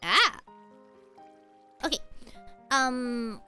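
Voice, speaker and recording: Chatty high-voiced young woman streamer. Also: drawn-out words, soft background music. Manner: chatty, rambling, animated with laughs and squeals. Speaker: streamer playing a game. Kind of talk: casual gaming stream chat.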